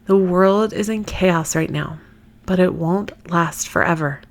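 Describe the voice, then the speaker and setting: A woman's voice: fairly low pitch, a little slow. A woman in her thirties hosting a solo podcast, talking frankly and earnestly, swearing casually and laughing easily. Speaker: podcast host. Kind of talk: candid solo podcast monologue.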